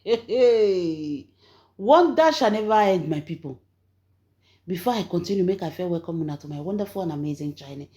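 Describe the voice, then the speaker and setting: A Nigerian woman hosting her own channel, telling gossip in an emphatic, preachy way that swings between loud and soft. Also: lowish voice, animated, moderate pace. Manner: emphatic, preachy, rising and falling in loudness. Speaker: channel host and gossip storyteller. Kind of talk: animated gossip commentary.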